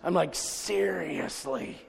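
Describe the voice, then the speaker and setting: A man preaching in a church service, with a somewhat high voice that rings out under a long hall reverb. He tells folksy stories to his congregation and swings between loud outbursts and low asides. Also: slow, vocal fry, slightly rough. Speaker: pastor. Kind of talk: sermon.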